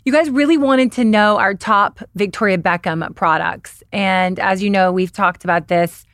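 A woman's voice: medium pitch, normal speed, a bit bright, no echo, studio quality. A woman co-hosting a beauty podcast, chatting casually and enthusiastically about makeup picks. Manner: chatty, enthusiastic product recommendations. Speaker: podcast co-host.

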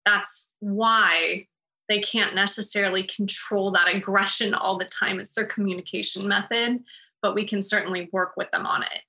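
A woman speaks as a parenting expert in casual podcast chat. Her voice is bright and mid-pitched, and she explains things patiently and encouragingly. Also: fairly even intonation, normal speed, vocal fry, poor audio.

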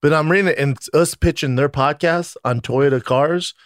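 A man's voice: on the high side, moderate pace, dry recording. Profane storytelling man, dry close mic. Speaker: podcast co-host. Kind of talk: casual chat, storytelling.

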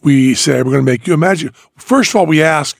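A man's voice: a little high, fairly quick, gravelly, no room sound, clean studio sound. A man hosting a casual chat, telling rambling stories and acting out dialogue. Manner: rambling storyteller, acts out dialogue. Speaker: podcast host, magician.

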